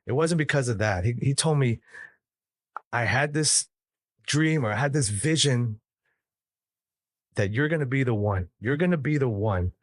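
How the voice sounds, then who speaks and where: A man's voice: lowish voice, dry recording, studio quality. A man from the United States, a podcast guest telling a story casually, emphatic and profane, acting out the dialogue he quotes.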